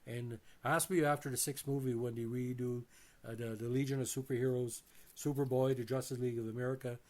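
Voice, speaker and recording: A man's voice: medium pitch, level tone, brisk. A man hosting a movie review channel, reading off a bio and then giving his opinions, with frequent uh fillers and restarts. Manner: addresses viewers as ladies and gentlemen.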